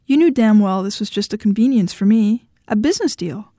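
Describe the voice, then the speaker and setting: A defiant young woman who talks back with curt scorn, voiced by a woman narrator. Her voice is warm and mellow, heard dry and close in an audiobook read. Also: mid-range voice, expressive, fairly quick, no room sound. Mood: scornful. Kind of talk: audiobook character reading.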